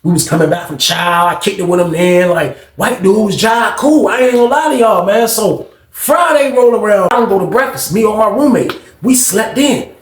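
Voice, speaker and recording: A man telling a story in a casual, animated, slang-heavy way and talking straight to his listeners. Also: high voice, moderate pace, hardly any pauses, roomy sound.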